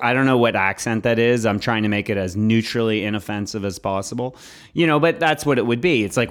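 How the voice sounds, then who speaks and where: A man's voice: medium pitch, brisk, clean tone. A man co-hosting a podcast in casual chat, playful and teasing, often laughing. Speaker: podcast co-host.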